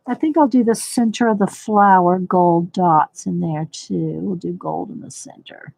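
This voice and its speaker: A woman's voice: lowish voice, a little slow, vocal fry, few pauses, darkish tone, no room sound. Chatty woman hosting a live coloring stream. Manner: chatty, thinks aloud, greets viewers by name. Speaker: livestream host demonstrating coloring. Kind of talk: casual live coloring tutorial.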